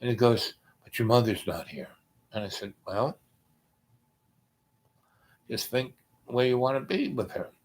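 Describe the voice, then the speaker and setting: A man casually telling a personal story, rambling and hesitant with many pauses and restarts, going quiet when he quotes others. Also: medium pitch. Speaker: podcast host.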